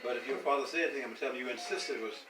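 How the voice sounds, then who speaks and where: A man's voice: medium pitch, racing. An older man from the American South telling a family story casually, rambling and repeating words, often laughing as he talks. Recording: echoey room, distant mic, loud music behind.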